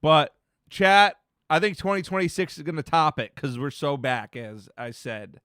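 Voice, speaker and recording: A man's voice: a little high, lively intonation, moderate pace, fairly bright tone, no echo, studio quality. A man in his thirties chatting casually on a live stream, rambling and laid-back, often laughing and trailing off into mumbles.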